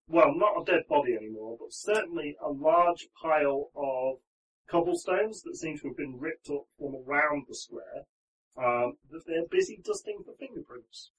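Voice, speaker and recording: A man runs a tabletop game, narrating in a loose, rambling way. His voice is bright and sits a little high. He sounds distant from the microphone. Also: a little hiss or hum. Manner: rambling, with frequent ums and restarts. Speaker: game master.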